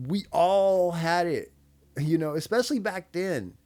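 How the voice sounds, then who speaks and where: A man's voice: sits high, unhurried, a little mellow. Guy in his 30s doing a reaction vid, cussing a lot, laughing, just blunt casual talk. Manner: blunt, profane, laughs between remarks. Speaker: reaction video host. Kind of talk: casual commentary.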